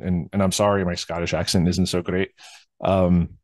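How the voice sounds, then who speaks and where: This podcast host is a man with a low-pitched voice who speaks at a normal speed in a level tone. He rambles casually, full of fillers and restarts, on a studio-quality track with no room sound.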